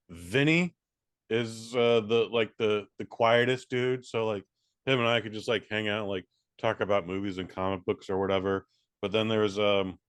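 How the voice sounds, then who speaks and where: A man co-hosting a podcast in casual chat, quick and sarcastic, breaking into jokey voices. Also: on the low side, smooth, no room sound. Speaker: podcast co-host.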